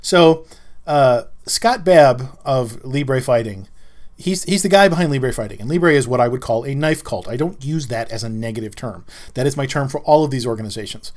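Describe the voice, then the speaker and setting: A man's voice: medium pitch, expressive, moderate pace. A middle-aged man hosting a podcast, telling a story in a casual, wry and rambling way that often doubles back on itself. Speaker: podcast host. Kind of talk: casual monologue.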